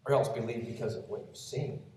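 A man preaching a sermon, gently walking through a scripture passage and quoting it as he goes. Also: fairly low pitch, fairly quick, slight background noise. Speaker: pastor. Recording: very echoey room, voice from a distance.

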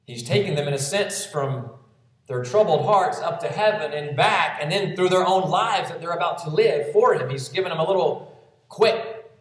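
A man preaching a sermon, gently walking through a scripture passage and quoting it as he goes. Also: fairly high pitch, lively intonation, normal speed. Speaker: pastor. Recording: very echoey room, voice from a distance.

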